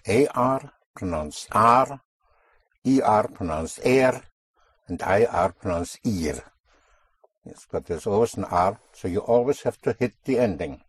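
Low-ish guy teaching a class, drills words over and over, dead dry room. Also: lively intonation, unhurried, slightly rough, dry recording. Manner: patient, repeats words and corrects pronunciation. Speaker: language teacher.

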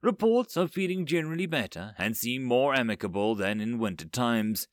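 A man's voice: medium pitch, animated, moderate pace, no echo, natural voice. Musing machine fond of humans, male narrator's put-on voice, dry close read. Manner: hesitant, musing.

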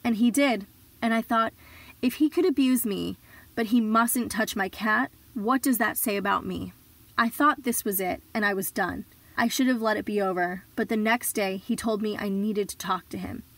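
Woman telling her own story, earnest, steady, mid voice, dry sound. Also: medium pitch, no room sound. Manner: earnest, measured storytelling with sudden shouted quotes. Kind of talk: personal story told live.

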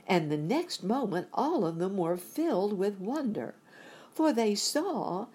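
A woman narrating a children's story in a measured, expressive audiobook reading. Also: deep voice, husky.

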